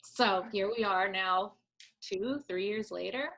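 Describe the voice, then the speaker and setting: A woman in her forties from Long Island, a podcast guest chatting casually and telling lively stories. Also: medium pitch, slow pace, gravelly, dull audio, a little hiss or hum. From Long Island, New York. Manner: lively storyteller, laughing often. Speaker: guest, salon owner. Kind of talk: casual interview chat.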